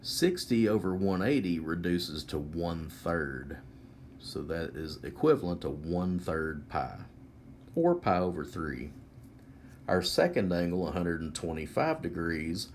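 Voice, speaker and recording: A man teaching a whiteboard math lesson, explaining each step slowly and methodically. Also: low-pitched, animated, a little mellow, a little hiss or hum.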